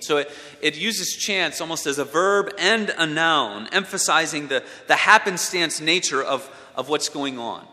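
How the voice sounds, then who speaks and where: Guy preaching a sermon, kinda high bright voice, long hall echo. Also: measured pace. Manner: rhetorical questions, repeats words while thinking. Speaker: pastor.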